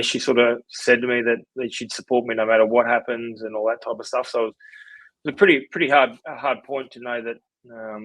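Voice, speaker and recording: A man in his forties with an Australian accent, a podcast guest telling his story in a relaxed, rambling way with lots of fillers. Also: mid-range voice, no room sound, rough recording. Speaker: podcast guest, former rugby league player. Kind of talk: casual storytelling interview.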